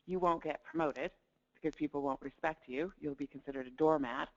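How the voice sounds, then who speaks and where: A woman's voice: fairly low pitch, darkish tone. Upbeat woman coaching over dull webinar audio. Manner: upbeat, laughs lightly between points, demonstrates tones of voice. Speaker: life coach presenting a webinar. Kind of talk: webinar talk.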